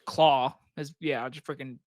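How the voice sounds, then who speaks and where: A man's voice: mid-range voice, steady tone, unhurried, no echo, studio quality. A young man co-hosting a casual podcast, teasing his friend and swearing often as he jokes. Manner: teasing, swears a lot, jokey. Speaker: podcast co-host.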